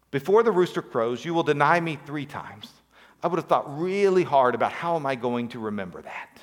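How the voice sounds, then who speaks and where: A man's voice: on the high side, a bit bright, in a large hall. A man preaching a sermon, telling a story with acted-out quotes and rhetorical questions. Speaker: pastor.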